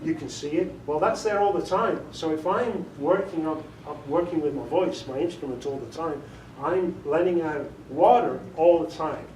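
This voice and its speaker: Barely pausing, a man with a fairly high pitch and a darkish tone talks at a moderate pace through a laid-back audiobook narration workshop. He's chatty and self-amused, laughs a lot, and demonstrates inflections before a group in a meeting room. Recorded from a distance in an echoey space, it has a little hiss or hum.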